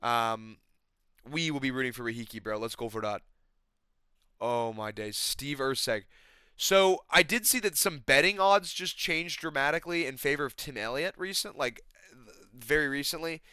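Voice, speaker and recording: Excitable young man, bright crisp voice. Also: medium pitch, moderate pace, no echo, studio quality. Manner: excitable, rambling, says "bro" constantly, swears. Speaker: MMA predictions host. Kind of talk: casual fight-prediction chat.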